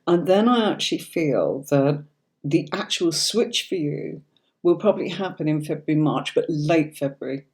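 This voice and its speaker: Middle-aged British woman, neutral standard accent, low mellow voice, chatty tarot-reader host who reassures viewers. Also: animated, moderate pace. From Yorkshire, England. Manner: chatty and reassuring, often checking in with "okay?". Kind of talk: live-streamed tarot reading.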